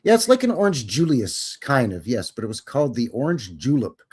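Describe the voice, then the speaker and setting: A man hosting a live stream, chatting with viewers in a rambling, folksy way with frequent chuckles. His pitch is mid and moves freely up and down as he talks. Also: huge pitch swings, brisk, a little mellow, husky. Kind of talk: casual live stream chat answering viewers.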